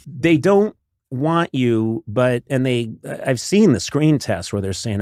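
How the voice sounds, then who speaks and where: A man's voice: mid-range voice, lively intonation, slow, darkish tone, dry recording, clean studio sound. A man hosting a podcast, chatting loosely and retelling film scenes with restarts and bursts of laughter. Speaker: podcast host. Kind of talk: casual conversational podcast talk.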